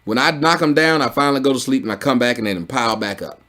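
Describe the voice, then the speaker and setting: A man hosting a commentary video, ranting in a blunt, profane, mocking way that swings from low grumbling to loud exclamations. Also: expressive, fast talker. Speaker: commentary channel host.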